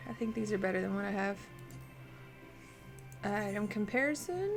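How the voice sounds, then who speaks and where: A woman's voice: mid-range voice, a little slow, pauses often, faint music behind. Chatty woman streaming a game. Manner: chatty, thinks aloud, talks to chat. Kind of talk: casual live-stream commentary while playing.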